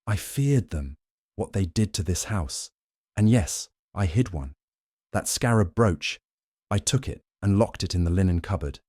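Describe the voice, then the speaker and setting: A man's voice: sits low, lively intonation, measured pace, a little mellow, husky, no echo, clean studio sound, full character voice. A man voicing a stern, stiff older female housekeeper who speaks tersely.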